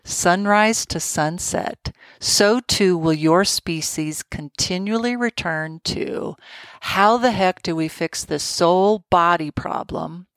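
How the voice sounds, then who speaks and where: A woman voicing animals speaking together to humanity, measured and gently reproachful. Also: on the low side, no echo.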